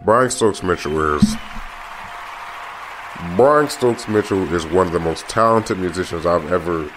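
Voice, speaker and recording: A man's voice: sits low, expressive, unhurried, a bit bright, soft background music. A man hosting his own podcast, talking alone in a rambling, confiding way and often repeating and restarting his phrases. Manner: open and confiding. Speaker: podcast host. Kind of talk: casual solo podcast monologue.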